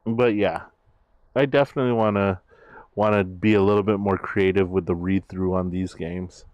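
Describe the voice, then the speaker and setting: A man's voice: sits low, fairly even intonation, normal speed, darkish tone, dry recording, lo-fi sound. A man chatting casually on his stream, rambling with many fillers and restarts. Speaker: VTuber streamer.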